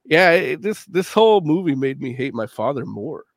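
A man in his late thirties with a fairly high voice, talking casually on a podcast. He swears a lot, laughs between thoughts and gets heated in animated bursts. The sound is dry and close. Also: moderate pace, dry recording. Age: late 30s. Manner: profane, animated, laughs often. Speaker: podcast co-host. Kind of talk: casual chat.

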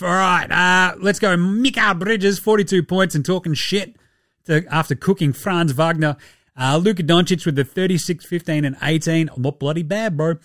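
A man's voice: on the high side, fairly quick, no echo, clean studio sound. Sweary man ranting about basketball. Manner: ranting, sweary, animated, puts on mock voices. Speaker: podcast host. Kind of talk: profane basketball commentary podcast.

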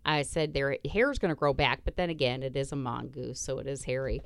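A woman's voice: extremely low pitch, brisk, no room sound. A middle-aged woman hosting a podcast in casual chat, blunt and profane, laughing often. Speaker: podcast host.

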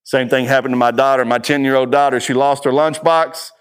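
Speaking in a conference room, a middle-aged man tells stories and drives his points home by repeating key lines. His mid-range voice is clear and resonant, his intonation fairly even and his pace brisk.

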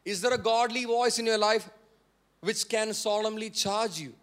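A man's voice: high-pitched, moderate pace, fairly bright tone. A male pastor preaching a sermon, repeating key phrases for emphasis and prompting the congregation to answer.

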